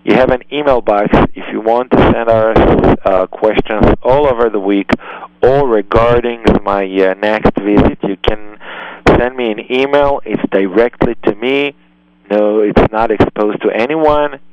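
A man's voice: on the low side, measured pace, smooth, no echo, lo-fi sound. A man hosting a radio advice show, giving earnest, emphatic parenting guidance in slightly non-native English. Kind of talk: call-in advice talk.

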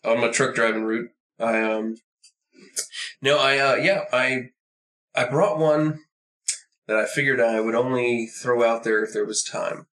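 A man's voice: medium pitch, fairly even intonation, measured pace, pauses often, a bit bright. A man guest on a comedy podcast who speaks hesitantly with many "uh"s.

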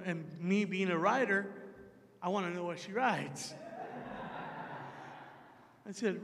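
A male preacher with a strikingly high voice, spinning a personal story from the pulpit. He shifts between lively telling and hushed asides, and a long reverb trails his words through the hall. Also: unhurried, long pauses. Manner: animated storyteller, dropping to low asides. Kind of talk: storytelling sermon.

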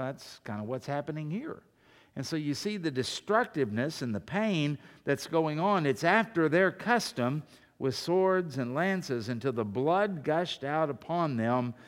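A man preaching a sermon, swinging from loud, emphatic declarations to quiet, conversational asides. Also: on the high side, long reverb tail. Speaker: pastor.

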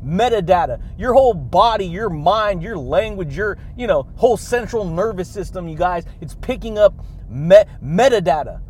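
A man hosting a motivational podcast, talking in an exuberant way, laughing between phrases and leaning on drawn-out catchphrases. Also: sits high, lively intonation, a little mellow, slight background noise. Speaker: podcast host.

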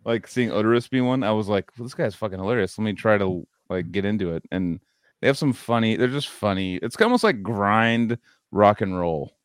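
A man's voice: lowish voice, lively intonation, fairly quick, clean tone, no echo, studio quality. A man hosting a podcast in a casual chat, rambling and laughing through stories, swearing freely. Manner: rambling, laughing storyteller, heavy cursing. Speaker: podcast host.

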